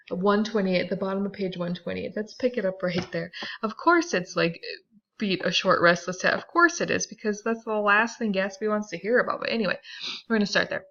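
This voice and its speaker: A woman teacher explaining a novel to a class, chatty and animated, with many fillers. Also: medium pitch, normal speed, dull audio, slight background noise. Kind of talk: classroom reading and commentary.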